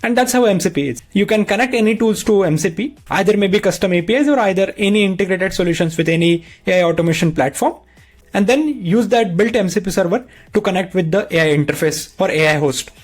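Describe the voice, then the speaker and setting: A man presenting a screen-recorded software tutorial, explaining each step in a plain, patient way into a desk microphone. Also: sits high.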